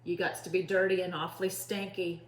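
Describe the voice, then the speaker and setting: A woman's voice: lowish voice, flat delivery, fairly quick, echoey room, natural voice. A woman voicing an impatient, bossy male pirate captain who bellows in pirate slang. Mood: gruff.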